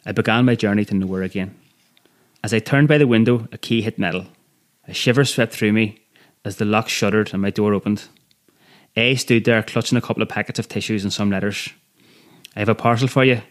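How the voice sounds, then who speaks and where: Male reader; earnest, measured memoir narration with a low register. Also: steady tone. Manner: earnest, measured, quietly emotional. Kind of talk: first-person memoir reading.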